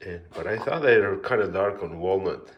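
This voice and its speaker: Deep-voiced man narrating his workshop project. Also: normal speed, muffled recording, noisy background. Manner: relaxed, rambling, with fillers and chuckles. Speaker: woodturning channel host. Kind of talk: casual voice-over narration.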